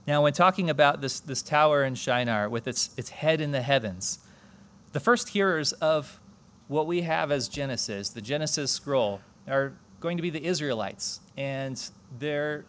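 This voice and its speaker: A man's voice: a little high, moderate pace, a bit bright. A man preaching a conversational sermon at a church service, explaining scripture and asking the congregation questions.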